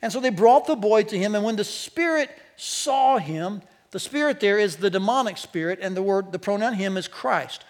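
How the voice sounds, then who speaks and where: A male pastor preaching a sermon to a church congregation, animated, his voice climbing as he quotes. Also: sits high, normal speed, few pauses. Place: church sanctuary.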